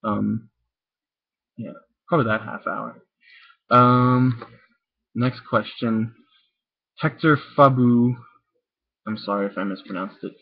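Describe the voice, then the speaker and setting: A man's voice: medium pitch, slow, vocal fry, pauses often. A young man answering viewer questions in a loose, rambling chat full of fillers and little chuckles, talking into his webcam. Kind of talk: casual chat. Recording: tinny lo-fi webcam audio.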